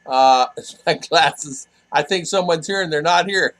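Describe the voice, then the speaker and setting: A man's voice: fairly high pitch, measured pace, fairly bright tone, poor audio. An older man hosting a casual livestream, chatty and laughing easily as he greets viewers by name. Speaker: livestream host. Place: home in a cool hill town.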